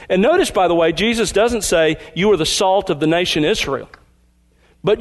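A man delivering a sermon in a fairly high voice. He preaches with emphasis, slowing down and stressing key words as he explains a passage. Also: lively intonation. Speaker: pastor.

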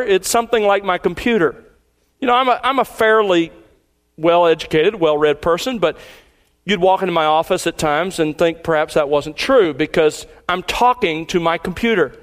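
A middle-aged man preaching a sermon as pastor, measured and questioning, slowing down to read quotations. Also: high voice.

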